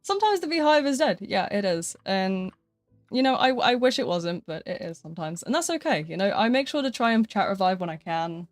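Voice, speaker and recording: A woman's voice: medium pitch, lively intonation, moderate pace, no echo, soft background music. A young British woman chatting casually and playfully on a live game stream, laughing often between remarks. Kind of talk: casual live-stream chat while gaming.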